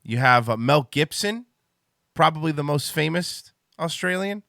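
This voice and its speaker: A man's voice: fairly high pitch, animated, moderate pace, gravelly, pushed and bright, no room sound, clean studio sound. A middle-aged man from Miami hosting a casual podcast, blunt and crude, rambling with restarts. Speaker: host.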